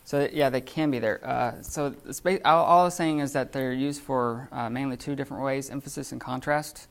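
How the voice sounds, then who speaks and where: A man leads a live classroom lesson, explaining grammar in a halting way, full of fillers and restarts. His voice has a gravelly edge. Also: medium pitch, steady tone. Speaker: Greek teacher.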